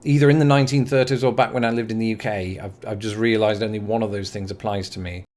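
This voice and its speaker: An English man in his thirties hosting a scripted comic explainer, animated and wry with jokey asides. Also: on the low side, fast. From England. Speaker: YouTube host.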